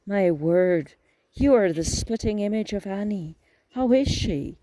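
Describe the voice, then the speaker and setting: An elegant Irish aunt who gushes with tender delight, as a male reader puts her on. The voice sits high with a gravelly texture and a dark, mellow tone, recorded dry and close for an audiobook. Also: steady tone, a little slow, dry recording. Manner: effusive, tender.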